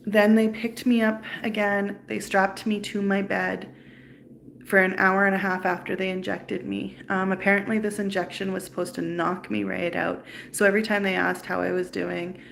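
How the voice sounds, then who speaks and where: A woman's voice: mid-range voice, vocal fry, a bit bright, slight background noise. A woman on a livestream, telling a personal story in an upset, bitter way. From Canada. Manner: upset, bitter, recounting events. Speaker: livestream host.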